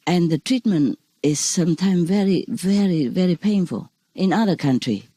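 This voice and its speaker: A woman's voice: lowish voice, animated, normal speed, mellow, no echo. A woman speaking as a spiritual teacher in an informal talk over a video call, rambling and repeating words for emphasis.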